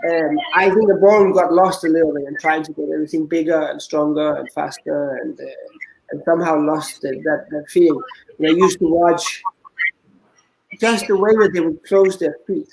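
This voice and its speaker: Danish-accented male dance coach, fairly high voice, snappy then thoughtful in interview. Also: fairly even intonation, normal speed, vocal fry, a little mellow, low-quality recording. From Denmark. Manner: short snappy answers, reflective when he opens up. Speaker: dance coach and judge, guest. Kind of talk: casual interview.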